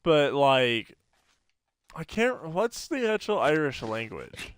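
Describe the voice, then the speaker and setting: A man with a smooth, clear voice pitched a little high, chatting loosely on a podcast. He rambles through his stories, stacking fillers and breaking into laughs. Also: big pitch swings, takes it slowly. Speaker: podcast co-host. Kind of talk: casual podcast chat.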